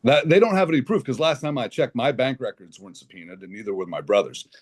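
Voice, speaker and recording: A man guesting on a podcast, telling an animated, indignant story with blunt language and frequent restarts. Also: medium pitch, quick pace, slightly rough. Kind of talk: conversational podcast interview.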